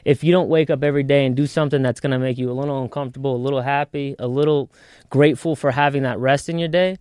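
A man on a podcast giving an animated, profane motivational talk in casual chat. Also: mid-range voice, quick pace, smooth, no room sound, clean studio sound.

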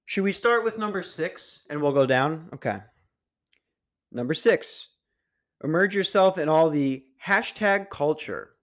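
A man's voice: on the high side, expressive, unhurried. A young man hosting a podcast, ranting casually in a crude, meandering and sarcastic way. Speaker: podcast host. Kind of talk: casual rant.

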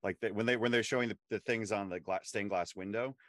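A man's voice: lowish voice, fast talker, no room sound. A man co-hosting a casual TV discussion podcast, building his points with frequent restarts. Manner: animated, restarts often while building a point. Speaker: podcast co-host.

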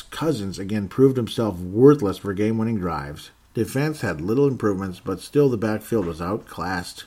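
A man's voice: fairly low pitch, a little mellow. A man hosting a casual sports talk show, reading listener comments aloud and chatting with frequent laughs. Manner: puts on a joking Canadian accent briefly. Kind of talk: casual sports podcast chat.

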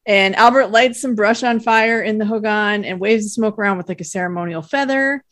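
A woman co-hosting a casual podcast, relaxed as she summarizes an episode's plot from her notes. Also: medium pitch, brisk. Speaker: podcast co-host. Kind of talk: casual chat recapping a TV episode.

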